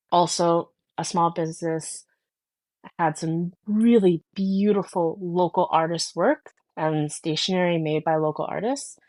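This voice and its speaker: Low-voiced woman hosting a podcast. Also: a little mellow. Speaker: podcast host. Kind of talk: casual chat.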